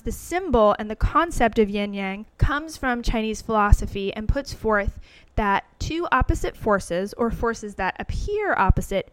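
Woman, podcast host, lively and opinionated, wry asides, fairly high voice, dry close sound. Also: no room sound. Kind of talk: casual monologue.

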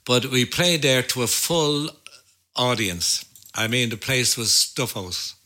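An older Irish musician telling stories in a rambling, casual chat, full of fillers and restarts. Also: male voice, mid-range voice, lively intonation, takes it slowly, bright, forceful tone. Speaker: musician recalling gigs.

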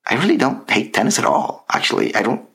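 A man's voice: medium pitch, fast, vocal fry. A middle-aged man co-hosting a casual chat, ranting and mocking himself. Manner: ranting, self-mocking, animated. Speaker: podcast co-host.

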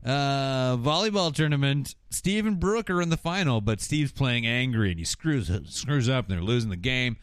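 A man rambles through a TV episode recap in a casual podcast chat. His pitch jumps around a lot as he talks. The sound is dry and close, with no room echo. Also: expressive, clean tone. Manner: rambling, mimics characters in quick asides.

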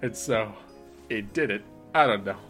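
A man's voice: fairly low pitch, normal speed, fairly bright tone, soft background music, lightly acted. A man voicing a shifty male henchman who hesitates, stammers and tries to please his boss in a tabletop game. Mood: evasive. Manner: hesitant, full of "uh", wheedling.

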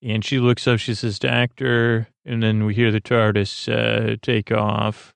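A man's voice: lowish voice, level tone, a little slow, vocal fry, clean tone, dry recording. A man hosting a sleep podcast, casually retelling a story in a meandering way full of "uh" and "like". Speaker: podcast host.

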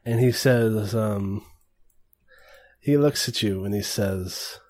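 A man's voice: lowish voice, slow pace, a little mellow. A man narrating and running a tabletop role-playing game in a casual, hesitant way. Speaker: game master.

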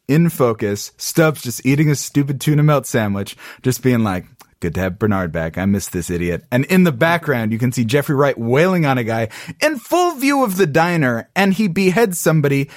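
A man's voice: mid-range voice, no room sound, studio quality. A man co-hosting a podcast, chatting casually and playfully about a TV episode over a video call. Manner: animated, quick asides, playful quoted voices. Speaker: podcast co-host. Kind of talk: casual recap chat.

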